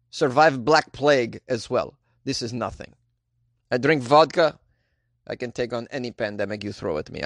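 A man's voice: medium pitch, dry recording, clean studio sound. A man voicing a defiant, boastful old Russian woman in a mock Russian accent, with choppy grammar. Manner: brash, bragging, choppy grammar.

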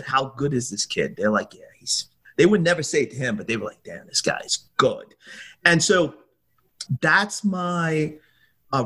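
A husky-voiced middle-aged man spins a lively story. He jumps into other people's voices and laughs along as he goes. His pitch sits in the middle. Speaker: guest telling a story. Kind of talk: animated storytelling.

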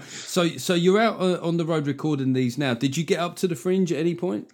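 A man's voice: a little high, a little fast, hardly any pauses. A man hosting a podcast, chatting with a guest in joking banter full of teasing asides. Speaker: podcast host. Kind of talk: casual podcast conversation.

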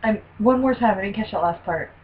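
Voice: mid-range voice, brisk. A podcast co-host in casual movie banter, playful and laughing easily. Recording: distant lo-fi mic with faint hiss.

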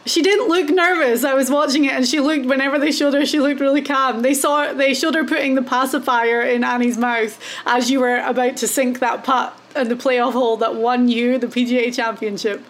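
A woman's voice: high voice, fairly even intonation, a little fast, hardly any pauses. A woman co-hosting a podcast, chatting eagerly and laughing easily. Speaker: podcast co-host. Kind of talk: casual chat.

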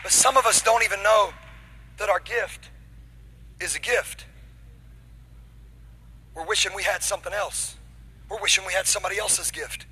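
High, bright-voiced preaching man. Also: moderate pace, long pauses, a little hiss or hum, poor audio. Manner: preaching with rising, shouted climaxes; playful banter with the congregation. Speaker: pastor. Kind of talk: sermon. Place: church auditorium.

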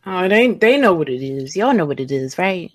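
Co-host, woman in her 20s, blunt and animated, dry close recording. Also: fairly low pitch, normal speed, no echo. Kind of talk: casual banter.

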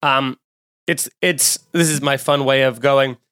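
A man's voice: medium pitch, steady tone, a little slow, pushed and bright, clear, resonant tone. Podcast host, male comedian, loose and jokey, clean resonant voice. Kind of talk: casual podcast chat and plugs.

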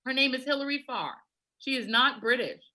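A woman's voice: high-pitched, a little fast, bright, forceful tone. A woman in casual chat, emphatic and insistent, who laughs often.

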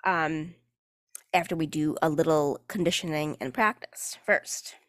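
A woman's voice: sits low, steady tone, unhurried, a bit bright, no room sound, studio quality. A woman, hosting her own podcast in casual, sarcastic chat, full of fillers and casual swearing. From New York. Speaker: podcast host and cheerleading coach.

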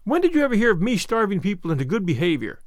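A man's voice: high voice, sing-song, racing, dry recording. A man voicing a stern, dry-spoken middle-aged spinster woman. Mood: indignant.

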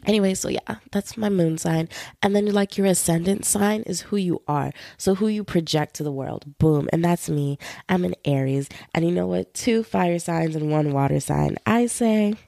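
A young woman talks through her solo podcast in a low, mellow voice with a gravelly edge. She is chatty and playful, a bit under the weather. The sound is close and dry. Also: normal speed, no echo. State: feeling unwell. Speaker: podcast host. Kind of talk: casual solo podcast chat.

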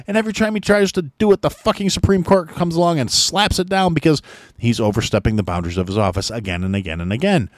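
A middle-aged man rants angrily into the mic, swearing constantly and dripping with sarcasm. His voice sits a little high for a man. The room sounds dry and close, with no echo. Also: quick pace. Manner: angry, sarcastic, heavy swearing, mocking whiny voices. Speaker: podcast host. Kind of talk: profane ranting monologue.

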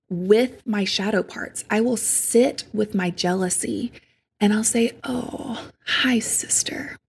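Very husky, gravelly-voiced woman guest. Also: mid-range voice. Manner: soft, earnest, drifts into hushed near-whispers; many fillers and restarts. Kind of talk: reflective spiritual conversation.

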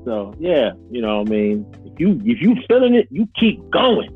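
A man co-hosting a podcast in casual chat, animated and joking, laughing often. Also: medium pitch, moderate pace, phone-quality sound, soft background music. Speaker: podcast co-host.

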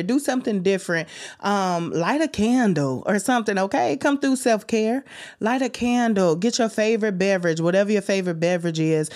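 A young adult woman hosting a faith-centered self-care podcast at a mid-range pitch, talking like a big sister who preaches encouragement. She swoops up into high, excited bursts when she gets emotional. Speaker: podcast host.

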